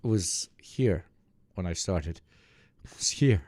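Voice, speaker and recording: A low-voiced man chats on a live stream in a casual, joking and profane way. His voice is dry and close on a desk microphone. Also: animated, slow, a little mellow, no echo. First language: Serbo-Croatian. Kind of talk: live stream reaction chat.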